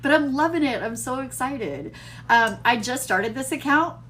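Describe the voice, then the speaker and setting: A woman's voice: high-pitched, animated, moderate pace, a bit bright. A woman in her fifties hosting a casual livestream, bubbly and giddy, laughing often and poking fun at herself as she chats to viewers. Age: 50s. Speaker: TikTok livestream host.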